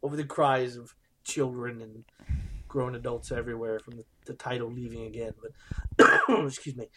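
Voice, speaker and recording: A man co-hosting a podcast in casual chat, animated and jokey, with bursts of excitement. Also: mid-range voice, moderate pace, slight background noise. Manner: animated, jokey, trails off with fillers. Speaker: podcast co-host.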